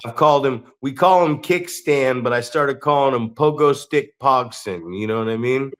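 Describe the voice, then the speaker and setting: A man's voice: mid-range voice, normal speed. A man co-hosting a wrestling podcast, telling crude rambling stories in casual chat and slipping into quoted voices. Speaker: podcast co-host.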